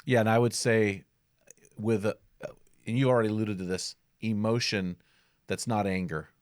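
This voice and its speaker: A man's voice: fairly low pitch, fairly even intonation, moderate pace, no echo. Affirming male podcast host, dry sound. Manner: affirming, reflective. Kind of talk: podcast conversation.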